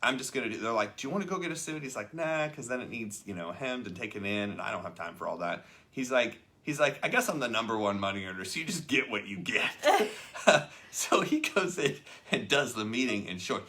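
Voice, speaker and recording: A man with a medium-pitched, expressive voice talks a little fast, sounding bright and forceful. Hosting a casual show about a leadership book, he spins a story and acts out the different voices in it.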